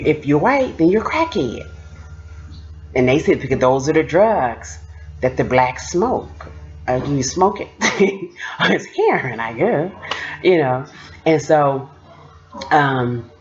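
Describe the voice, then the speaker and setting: A woman vlogger telling stories in a casual, animated way, laughing often and acting out what people said. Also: low voice, highs cut off. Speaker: vlogger recounting prison experience. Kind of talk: casual storytelling.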